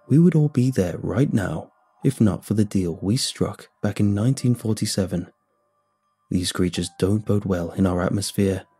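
A man voicing a calm, menacing male secret government agent who delivers threats in a cool, measured way. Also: fairly low pitch, breathy edge, full character voice.

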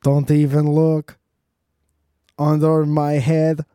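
A man voicing a defensive robot that is really a man in a costume, with a loud, stiff, slowed, mock-robotic delivery. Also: fairly high pitch, monotone, no room sound, studio quality.

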